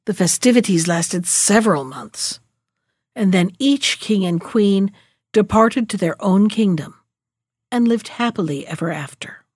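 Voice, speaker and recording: A woman host reading a fairy tale aloud in a calm, measured storybook manner. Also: mid-range voice, husky, no echo, clean studio sound.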